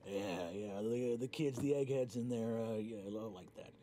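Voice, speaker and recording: A man's voice: mid-range voice, moderate pace, dark tone, slight background noise, close to an everyday voice. A man voicing a burly, friendly half-orc who talks in a rambling, folksy way. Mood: chatty.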